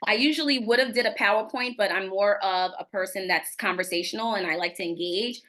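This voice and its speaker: A woman recounts a personal story with animated, indignant energy and acts out the voices in each exchange. Her voice is bright and forceful, pitched in a middle range. The talk is loose and conversational, the way a community advocate speaks on a webinar.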